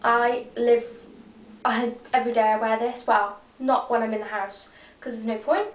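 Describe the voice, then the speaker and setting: A woman's voice: a little high, fairly even intonation, moderate pace, far from the mic, a little hiss or hum. A teenage girl, chatting casually and rambling as she shows off her makeup. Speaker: beauty vlogger. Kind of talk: casual makeup show-and-tell. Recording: echoey room, voice off-mic.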